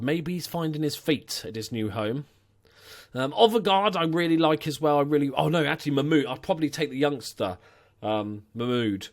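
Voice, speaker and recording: Chatty swearing game commentator man. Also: on the high side. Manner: chatty, swears freely, excitable bursts over the game. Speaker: gaming channel host. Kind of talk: casual football management let's play commentary.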